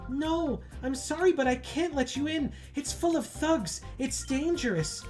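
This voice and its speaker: A woman's voice: high voice, measured pace, a little mellow, soft background music, pitched above the performer's own voice. A woman reading the lines of a worried guard who blocks the way and asks for care. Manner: earnest, worried.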